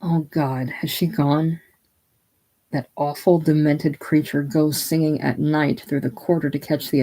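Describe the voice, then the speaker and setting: A reader voicing an anxious, secretive middle-aged woman in a casual play reading, halting and breaking off mid-sentence. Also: mid-range voice, a little mellow, lightly acted, low-quality recording.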